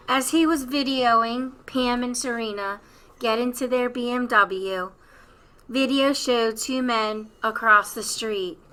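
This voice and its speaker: A woman hosting a true-crime channel, giving a scripted narration with a steady, plain read-aloud delivery. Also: on the high side, low-quality recording.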